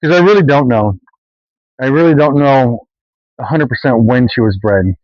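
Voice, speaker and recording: A man's voice: mid-range voice, normal speed, no room sound, lo-fi sound. Chatty man rambling on his farm. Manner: rambling, loose and chatty, many fillers and restarts. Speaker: homesteading vlogger. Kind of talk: casual walk-and-talk vlog. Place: outdoors on a farm yard with animals.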